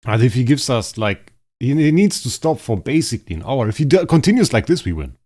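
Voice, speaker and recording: A hoarse man streaming a game live, commentating and fretting over a rival player while talking to his chat. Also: medium pitch, sing-song, brisk, a little mellow. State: hoarse, strained voice.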